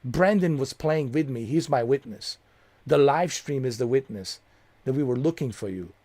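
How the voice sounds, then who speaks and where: A man's voice: medium pitch, animated, moderate pace, mellow, no room sound. A man streaming from home, ranting angrily and profanely at a viewer on a close desk mic. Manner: heated, profane, repetitive, confrontational. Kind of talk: angry rant at a viewer.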